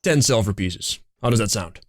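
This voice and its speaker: A man voicing a gruff grumpy shopkeeper. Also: fairly low pitch, expressive, moderate pace, dry recording, studio quality.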